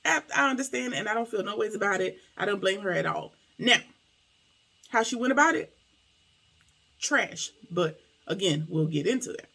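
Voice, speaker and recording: A woman's voice: mid-range voice, animated, normal speed, creaky, long pauses, pushed and bright. A woman giving a casual, slangy episode recap and review, animatedly acting out the characters' lines.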